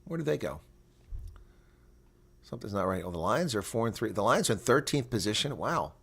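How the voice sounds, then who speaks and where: Low-voiced man chatting through a rugby stream. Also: big pitch swings, fairly quick, gravelly, fairly bright tone, breathy edge. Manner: chatty, laughs often, reads viewer comments aloud. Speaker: live-stream rugby commentator. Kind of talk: casual live watch-along commentary.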